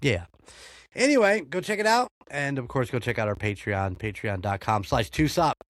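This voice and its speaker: A man's voice: mid-range voice, very animated, normal speed, fairly bright tone, no room sound, studio quality. An American man hosting a podcast, chatting casually, swearing freely and laughing often. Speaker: podcast host. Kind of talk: casual chat.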